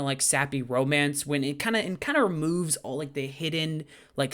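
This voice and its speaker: Higher-voiced young man, animated vlog chat. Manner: animated and outspoken, casual swearing. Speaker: high school English teacher. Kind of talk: casual Q&A vlog.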